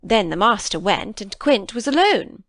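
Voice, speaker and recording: A woman's voice: medium pitch, sing-song, moderate pace, a bit bright, dry recording. Woman reading anxious older housekeeper, storybook, gasping exclamations, swooping voice, dry close sound. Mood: alarmed. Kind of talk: audiobook reading.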